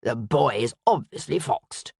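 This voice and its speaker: Woman playing a suspicious nobleman, clipped, lowered voice, audiobook. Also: animated, a little slow, creaky, a little mellow, slightly rough, dry recording, clean studio sound, heavily acted. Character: stern older nobleman, suspicious and gruff.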